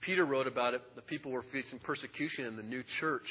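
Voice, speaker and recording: A male pastor preaching a sermon, animated and joking, dropping from loud emphasis to a hushed voice. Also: medium pitch, quick pace. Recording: dull lo-fi sound with long reverb.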